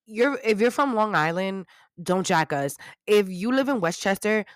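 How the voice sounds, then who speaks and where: A young woman with a New York accent, hosting a casual podcast and telling stories in a sassy, animated way with plenty of swearing. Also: mid-range voice, normal speed, no room sound, studio quality. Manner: animated, sassy, swears freely, jumps into loud mocking voices. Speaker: podcast host. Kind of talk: casual storytelling chat.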